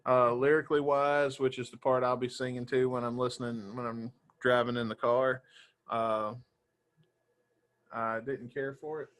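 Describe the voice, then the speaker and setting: A man's voice: mid-range voice, a bit bright. A man co-hosting a music podcast in laid-back casual chat, swearing casually. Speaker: podcast co-host.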